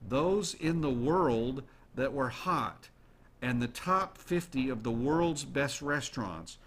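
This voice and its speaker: A man hosting a show, chatting casually to his listeners in an animated way and throwing questions at the audience. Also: medium pitch, slow, slightly rough. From United States. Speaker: radio show host.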